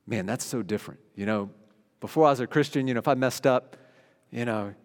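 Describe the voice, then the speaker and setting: A middle-aged pastor preaches earnestly and conversationally, shifting between loud emphasis and hushed, quiet lines. His mid-range voice moves fairly quickly, carrying the long reverb of a hall.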